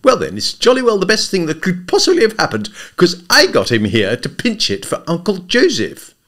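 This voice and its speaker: A man's voice: high-pitched, wildly swooping pitch, normal speed, a bit bright, voice pushed up, full character voice. A man doing a flustered, gushing young toff. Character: dim, excitable young upper-class English gentleman.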